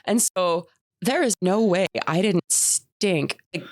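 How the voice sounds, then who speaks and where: A woman in her thirties from Canada, chatting casually as a podcast co-host. She has a somewhat low voice and laughs often as she tells stories. The sound is dry and close. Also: slow, a little mellow, dry recording. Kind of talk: casual chat.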